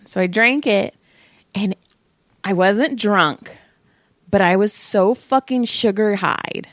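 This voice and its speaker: A woman co-hosting a podcast, chatting casually and telling profane, animated stories. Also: medium pitch, a little slow, pauses often, no echo, studio quality. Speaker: podcast co-host. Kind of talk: casual chat.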